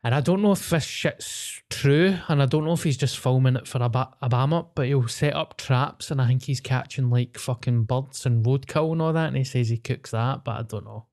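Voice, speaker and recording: Glaswegian man, podcast co-host, rambling gossip full of swearing, mid-pitched. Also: moderate pace, hardly any pauses, a little mellow. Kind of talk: casual chat.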